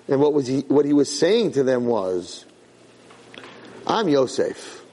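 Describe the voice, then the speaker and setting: Animated man teaching Torah in a hall. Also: medium pitch, husky. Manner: animated, repeats phrases for emphasis, Hebrew terms mixed in. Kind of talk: Torah class on the weekly portion.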